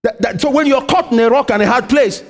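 A man preaching a sermon in an animated way, often asking the congregation a question and answering it himself, his voice a little husky. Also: extremely high pitch, quick pace. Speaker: pastor. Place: church. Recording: long hall reverb.

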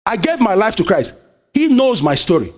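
A man preaching a sermon in a strikingly high, lively voice. He throws questions at the congregation and keeps swinging between loud urging and low, quiet asides. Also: normal speed. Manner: call-and-response, asks the congregation "what?".

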